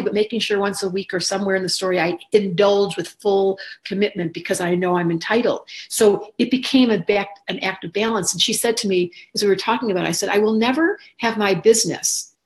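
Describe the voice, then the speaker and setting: A woman in her sixties, an astrologer and teacher, giving a casual talk to viewers in an expressive, rambling way, acting out the voices she quotes. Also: mid-range voice, a little fast, hardly any pauses. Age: 60s.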